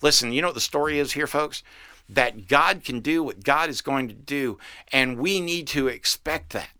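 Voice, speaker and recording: A man's voice: medium pitch, moderate pace, pushed and bright, no echo, clean studio sound. A man, a pastor, giving a short podcast sermon, reading scripture and breaking into folksy, slangy asides.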